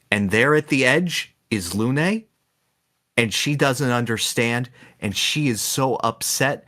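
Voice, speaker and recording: A man co-hosting a podcast, slowly and dramatically retelling a game's ending in casual chat. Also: lowish voice, bright, forceful tone. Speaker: podcast co-host.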